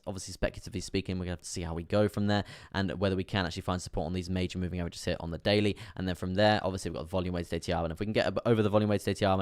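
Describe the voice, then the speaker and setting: Low-voiced man doing live crypto analysis. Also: clear, resonant tone, no room sound, studio quality. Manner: repetitive, reassuring, chatting with viewers. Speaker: crypto live stream host. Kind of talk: casual live chart analysis.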